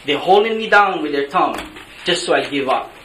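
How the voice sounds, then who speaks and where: A man with a Hawaiian Pidgin lilt delivers angry, blunt public testimony at a meeting. His voice is bright and edgy and sits a little high. The recording carries the echo of a big meeting room and a faint hiss. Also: animated, moderate pace. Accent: Hawaiian Pidgin-tinged English.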